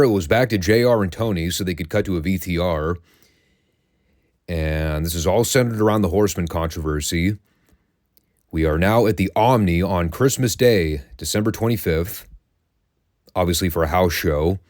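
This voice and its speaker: A man's voice: sits low, normal speed, long pauses, a little mellow, dry recording, clean studio sound. A middle-aged man hosting a recap podcast, telling stories in a sardonic, profane and amused way. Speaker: podcast host.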